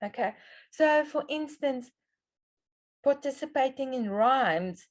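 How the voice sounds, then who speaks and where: Woman presenter, slightly high, checks in with "okay". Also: lively intonation, slow pace. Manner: explains step by step, often checks in with "okay". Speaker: webinar presenter on children's reading. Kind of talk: explaining a slide lesson.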